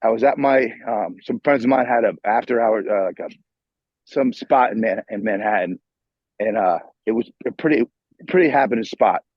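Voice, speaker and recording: This is a guitarist guest, a middle-aged man from New York, spinning a profane, animated story in a casual interview and restarting many times. He speaks at normal speed in a husky, ordinary-pitched voice. The video call sound is muffled, dull, and dry, with no echo.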